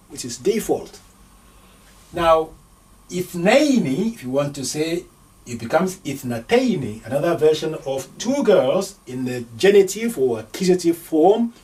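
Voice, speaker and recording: A man teaching an Arabic grammar lesson, slowly sounding out words syllable by syllable as he writes them. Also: a little high, darkish tone, far from the mic. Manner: slow, deliberate, sounding out syllables.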